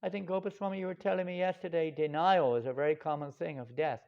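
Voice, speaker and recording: Animated man telling a sermon story. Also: high-pitched, quick pace, vocal fry, few pauses. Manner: lively, dramatic storytelling with wry asides. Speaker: monk giving a lecture. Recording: dull lo-fi lecture recording.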